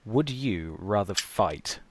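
A man's voice: lowish voice, animated, slow, noisy background. A man hosting a casual podcast interview, asking short, dry questions and laughing along. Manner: brief, laughing, dry prompts.

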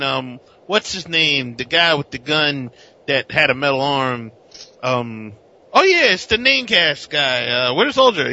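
Animated bright-voiced man, lo-fi recording. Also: medium pitch. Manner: animated, acts out characters in silly voices, laughs. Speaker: comic book podcast co-host. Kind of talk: casual comic recap. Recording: dull lo-fi recording.

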